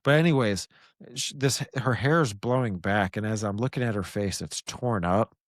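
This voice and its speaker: Intense low-voiced man retelling a nightmare. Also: moderate pace, dry recording, clean studio sound. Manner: animated, intense retelling with many restarts and fillers. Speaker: podcast host. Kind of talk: casual storytelling.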